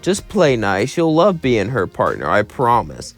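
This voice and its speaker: A man voicing a resigned, laid-back male cat demon in a fan story, calm and reassuring. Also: medium pitch, a little slow, soft background music.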